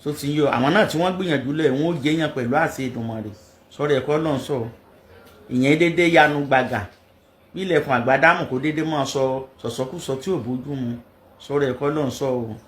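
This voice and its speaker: Man, moral admonition, proverbs, preachy, rapid delivery, higher pitch.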